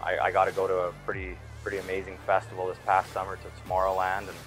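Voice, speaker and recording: A young man with a low, deep voice answers questions in a loose, rambling way, full of fillers and restarts. Faint music plays in the background. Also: completely flat delivery, fast, a bit bright, low-quality recording. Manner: laid-back, rambling, many fillers and restarts. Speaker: interview guest, hockey player. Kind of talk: casual interview chat.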